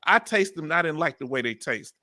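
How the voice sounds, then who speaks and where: A bright, high-pitched man with a Southern US accent hosts a relaxed livestream chat from home. He talks loosely and reads viewer comments aloud between questions to his guest. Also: fast. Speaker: livestream host.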